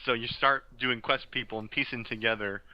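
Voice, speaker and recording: A young man, a guest on a casual podcast, telling animated stories and laughing often. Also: mid-range voice, a little fast, muffled recording.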